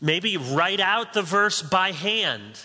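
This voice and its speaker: A man preaching to his congregation in a relaxed, conversational way, slipping in humorous asides. His voice sits a little high and is strikingly bright and forceful. A long reverb from the large sanctuary trails every phrase. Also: takes it slowly. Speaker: pastor. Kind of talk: sermon.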